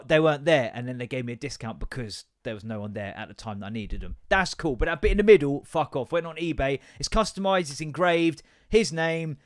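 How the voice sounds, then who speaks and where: A man's voice: medium pitch, no echo, studio quality. A young man hosting a podcast, ranting casually and swearing a lot as he rambles between asides. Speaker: podcast host. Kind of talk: casual comedic rant.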